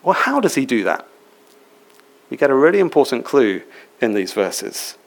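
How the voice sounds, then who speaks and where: Male preacher, conversational sermon, asks questions of the congregation, mid-pitched. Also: big pitch swings, normal speed, gravelly. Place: church.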